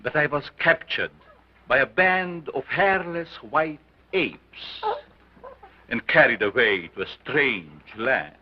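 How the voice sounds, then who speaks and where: Commanding mad doctor-showman, theatrical, lively swoops, dull old soundtrack. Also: mid-range voice, takes it slowly, slight background noise. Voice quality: accented, declamatory. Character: theatrical mad scientist showman, male, middle-aged, commanding. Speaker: carnival lecturer. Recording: dull 1930s film soundtrack.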